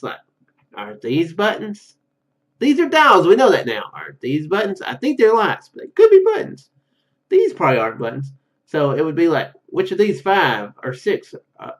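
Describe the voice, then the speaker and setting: A man casually commenting aloud while playing a story game, thinking out loud with hesitations. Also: fairly high pitch. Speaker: game player. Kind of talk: let's play commentary.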